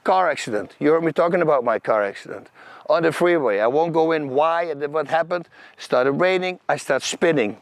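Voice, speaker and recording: Speaking fairly quickly in a slightly high voice, this man from the Netherlands hosts a channel and recounts his own stories. He's animated and vivid, acting out scenes and quoting others in loose, non-native grammar, with no room sound in the recording.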